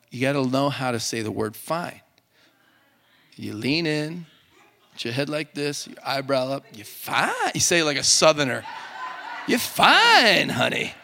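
A man's voice: medium pitch, fairly bright tone. Joking male pastor in a reverberant hall. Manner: joking, conversational preaching to a congregation. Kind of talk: sermon.

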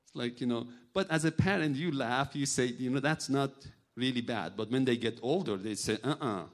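Guy preaching, middle-aged, animated storyteller, loose grammar. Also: mid-range voice, normal speed. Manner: animated storytelling, acts out voices, non-native grammar. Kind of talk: sermon with personal stories.

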